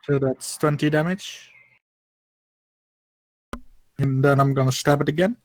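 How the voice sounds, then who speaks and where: Man, tabletop player, slow unhurried talk, fairly high voice, dry close sound. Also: steady tone, darkish tone, dry recording. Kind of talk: tabletop game play.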